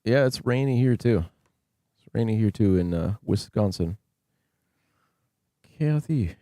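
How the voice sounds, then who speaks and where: Male stream host, low-ish, very mellow dark tone, dry close sound, casual jokey chat. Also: animated, a little slow, no echo. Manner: joking, laid-back, chatty with viewers. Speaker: scambait livestream host.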